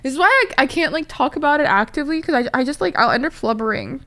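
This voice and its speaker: A young woman streamer chatting casually with her viewers, expressive and talkative, swearing freely. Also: sits high, quick pace. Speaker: Twitch streamer. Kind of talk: casual livestream chat with viewers.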